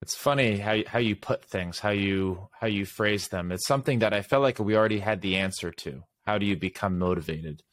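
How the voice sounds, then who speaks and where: A man's voice: on the low side, fairly quick, few pauses, slight background noise. A man from Florida hosting an interview, asking questions and affirming his guest. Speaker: podcast host. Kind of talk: conversational interview.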